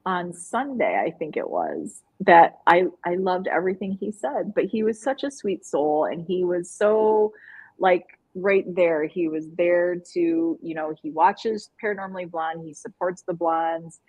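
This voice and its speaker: A woman's voice: lowish voice, expressive, measured pace, darkish tone, husky, rough recording. A woman co-hosting a live online show, chatting casually and animatedly, often laughing and rambling. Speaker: co-host. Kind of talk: casual live-stream chat.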